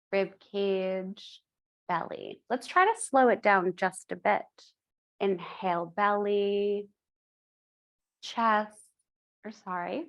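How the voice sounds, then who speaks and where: Slow, calm woman guiding yoga breath. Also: medium pitch. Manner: slow, calm, gently instructive. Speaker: yoga teacher. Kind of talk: guided yoga breathing instruction.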